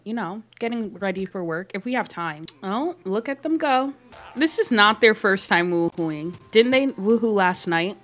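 A woman's voice: medium pitch, a bit bright. A woman chatting her way through a life-simulation game, laughing easily and tossing off playful lines for her characters. Her voice sits in a medium range, and her delivery is casual and upbeat. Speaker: gaming YouTuber. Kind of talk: casual Let's Play commentary.

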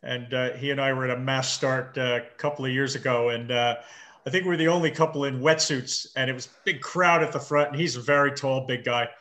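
A man in his fifties, a marathon swimmer interviewed over a video call, talking with halting restarts and dry understated humor. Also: mid-range voice, fairly even intonation, a bit bright. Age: 50s. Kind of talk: casual interview chat.

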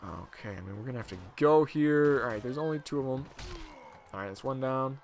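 A young man giving casual, excitable commentary over his own gameplay, with loud high outbursts when things go wrong. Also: brisk. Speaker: gaming video host.

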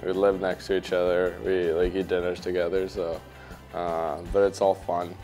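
A man's voice: sits low, normal speed, faint music behind. A Swedish man in his twenties, speaking English as his second language with a Swedish accent, chatting casually and easily with lots of fillers as a guest. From Sweden. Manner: relaxed, easygoing, many fillers. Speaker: hockey player guest. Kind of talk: casual interview chat.

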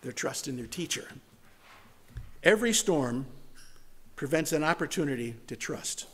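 A man with a rather high voice preaches a sermon as pastor. He swings between forceful emphasis and soft, almost whispered words. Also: lively intonation, measured pace, long pauses, breathy edge. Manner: dramatic shifts from loud to hushed, near-whispered words.

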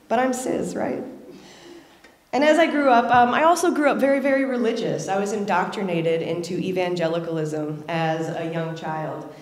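A woman's voice: medium pitch, moderate pace. A woman in her thirties from Ohio, giving a candid, reflective personal storytelling speech at a community event. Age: 30s. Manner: candid, reflective, acts out quoted voices. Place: large event hall. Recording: echoey hall with long reverb.

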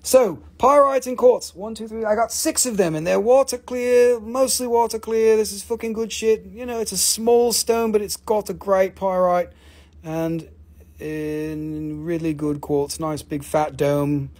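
A man hosting a live mineral sale, joking, swearing, and pitching his stones with enthusiasm. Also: steady tone, unhurried, darkish tone. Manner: joking, profane, enthusiastic salesman. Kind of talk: livestream sales chat.

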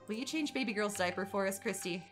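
A woman with a mid-pitched voice chats her way through a let's-play, narrating what happens and turning to loud, panicked dismay when things go wrong. Soft game music plays faintly in the background. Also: quick pace. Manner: chatty, reacts loudly, swings from calm narration to panicked dismay. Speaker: gaming channel host. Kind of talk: casual let's-play commentary.

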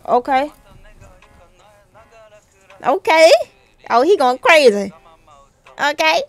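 A young woman gives casual, hyped reactions to music, talking back to the track. Her voice sits fairly high with a gravelly fry, and she takes her time getting words out. The sound is dry and close, with almost no room. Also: very animated, slow, no room sound.

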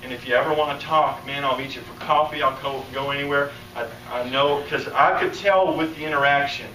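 American male preacher, bright forceful storyteller, distant roomy hall sound. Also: brisk, slight background noise. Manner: storytelling, acts out dialogue, builds to excited high pitch. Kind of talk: sermon telling a healing story. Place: church or conference hall, live audience.

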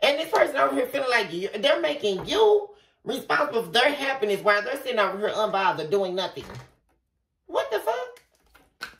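A tarot reader gives a reading in a blunt, animated rant full of swearing. Her voice is on the high side and fast, with slight background noise. The recording sounds roomy, as if captured from a distance.

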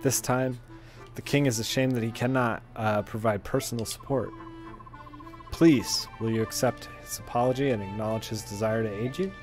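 A sly, smooth-talking young cat-beast warrior with a teasing edge, read aloud by a man playing a game. The voice sits in an ordinary middle register. Faint game music plays underneath. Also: mid-range voice, moderate pace, darkish tone, close to an everyday voice. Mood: formal. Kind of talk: reading game dialogue aloud.

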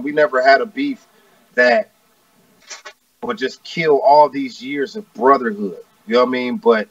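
Gravelly laid-back man, distant lo-fi sound. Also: mid-range voice, a bit bright, no echo. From Southern California. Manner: laid-back and slangy, constant "you know what I mean". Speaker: rapper guest. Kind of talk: casual interview chat. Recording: distant, dull, dry lo-fi audio.

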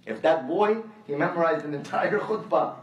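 The sound is lo-fi: a man with a slightly high voice preaches at a moderate pace in an echoey hall, the mic set at a distance. His sermon is conversational, built on anecdotes and repeated phrases.

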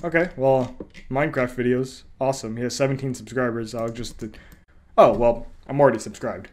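A man's voice: mid-range voice, steady tone, a little fast, a little mellow, soft background music. A young man reading out and mocking online reviews in a sarcastic comedic style. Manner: sarcastic, mock voices for reviews.

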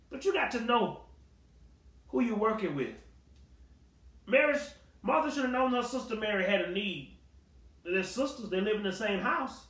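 A male pastor preaching a Bible study. He talks conversationally, acts out the people in the story with sass and humor, and rises to shouting. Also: very high voice, a little fast, echoey room, distant mic, poor audio.

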